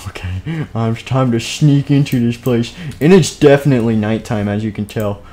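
A man's voice: medium pitch, normal speed, mellow. Rambling, goofy young man streaming. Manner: rambling, self-interrupting, goofy. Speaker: streamer narrating a game role-play. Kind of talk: live-stream game narration. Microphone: desk microphone.

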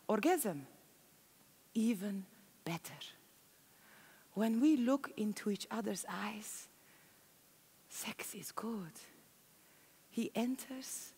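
Actress voicing a immigrant woman in a stage monologue; slow broken English, big hall reverb. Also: mid-range voice, pushed and bright, husky, exaggerated voice. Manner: broken English, plain storytelling. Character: Turkish immigrant woman recounting her marriage. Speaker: stage performer. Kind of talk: theatrical monologue. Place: large conference hall. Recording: long reverb of a conference hall.

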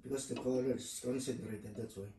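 A man's voice: medium pitch, fairly even intonation, a little fast, distant mic. A man helping a child with an experiment at home, patiently prompting with quiz questions in casual talk. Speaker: parent helping with a kids' experiment. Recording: roomy, off-mic, faint noise.

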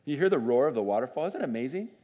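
A man preaching a sermon as pastor in a church, conversational and animated, often asking the congregation questions. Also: medium pitch, racing, dull audio. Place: church sanctuary.

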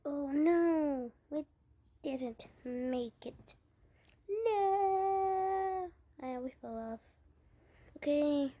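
A woman's voice: high voice, expressive, drawn-out words, pauses often, mellow. A woman giving casual let's-play commentary, narrating her own moves and chatting to her viewers. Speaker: gaming channel creator.

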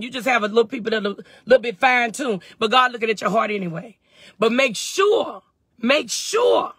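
A woman's voice: on the high side, fairly bright tone, husky, dry recording, studio quality. A woman fervently on a phone live stream from her parked truck, answering viewers' comments in call-and-response. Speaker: faith and wellness livestream host.

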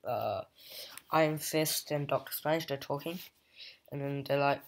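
A man's voice: mid-range voice, measured pace, pauses often. A man casually recapping a comic book's plot, rambling with fillers and restarts. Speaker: comic book reviewer.

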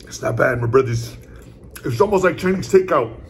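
A man filming a casual cooking and tasting vlog on his phone in a home kitchen. He is excitable and laughs often, and keeps calling his viewers brothers and puppy. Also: mid-range voice, normal speed. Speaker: food vlogger. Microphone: phone camera. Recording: noisy kitchen with frying. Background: food frying.

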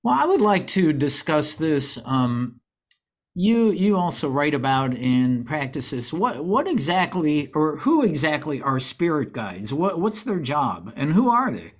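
A man's voice: fairly high pitch, big pitch swings, measured pace. A man hosting an interview, curious and asking follow-up questions. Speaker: interview host. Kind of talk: casual interview.

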